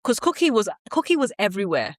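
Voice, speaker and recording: A woman co-hosting a podcast in casual chat, talkative and quick to laugh, often restarting her sentences. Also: mid-range voice, sing-song, no room sound, studio quality. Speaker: podcast co-host.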